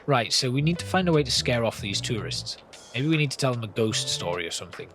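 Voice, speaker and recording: A man's voice: mid-range voice, fast. A man casually commenting on his gameplay, thinking aloud as he plans each move. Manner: thinking aloud, planning, relaxed. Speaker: gameplay host. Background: game music.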